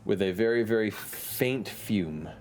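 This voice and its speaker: A man narrating a tabletop game as game master, animated and often laughing as he describes chaotic scenes. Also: on the low side, a little slow, over a noisy crowd.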